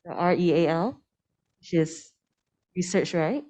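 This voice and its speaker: A young woman on a panel answering politely and eagerly, slightly halting. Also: lowish voice, animated, mellow. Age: young adult.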